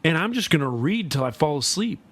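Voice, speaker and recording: A man's voice: on the high side, sing-song, brisk, a bit bright. A man co-hosting a comedy podcast, joking around in casual chat. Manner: joking, slips into silly put-on voices. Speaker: podcast co-host.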